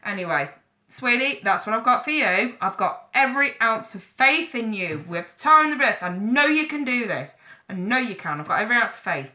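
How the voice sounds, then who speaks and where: Woman, tarot reader on a live stream; bright, forceful voice, blunt and affectionate. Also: fairly high pitch, animated, brisk. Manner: chatty, calls viewers darling and sweetheart; blunt, frank advice with swearing.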